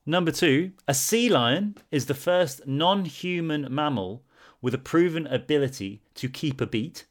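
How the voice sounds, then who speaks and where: A man's voice: on the high side, lively intonation, measured pace. A man co-hosting a podcast, chatting casually and playfully, acting out little bits as he talks. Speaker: podcast co-host. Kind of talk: casual chat.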